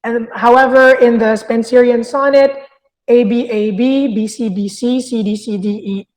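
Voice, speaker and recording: A woman's voice: fairly high pitch, steady tone, moderate pace, darkish tone. A woman teaching a literature review lesson, explaining step by step and often checking in with "okay?". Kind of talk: recorded lecture. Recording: long hall reverb.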